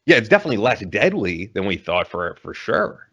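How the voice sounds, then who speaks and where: A man's voice: lowish voice, very animated, brisk, fairly bright tone, dull audio. A man hosting a podcast, introducing a guest with enthusiasm and a lot of "like". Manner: enthusiastic, hedging with "like". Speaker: podcast host. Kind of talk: casual chat.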